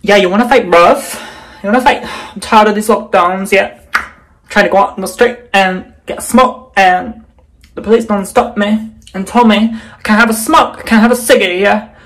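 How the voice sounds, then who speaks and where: A man voicing a brash, combative young woman with a rough, imperfect put-on Manchester accent, loud and spoiling for a fight. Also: high voice, normal speed, pitched above the performer's own voice, low-quality recording. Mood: rowdy. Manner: loud, rowdy, picking fights.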